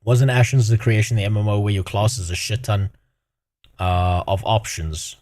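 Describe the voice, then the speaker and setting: A man's voice: lowish voice, fairly even intonation, normal speed, darkish tone. A man streaming casually with a sore throat, swearing often and ranting animatedly. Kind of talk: casual reaction stream chat.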